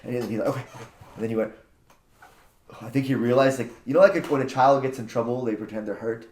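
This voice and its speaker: A man casually telling a personal story, animated and acting out what people said, often repeating words. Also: mid-range voice, fast, reverberant, slight background noise. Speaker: guest, jiu-jitsu practitioner.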